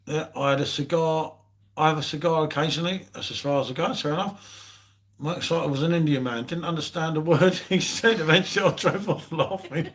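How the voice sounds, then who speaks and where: A man chatting casually on a live stream, his voice sitting a little above the usual male pitch. He keeps up teasing banter and drops "mate" into nearly every sentence. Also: fairly quick, a bit bright. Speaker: co-host of a live beer stream. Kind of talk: casual chat.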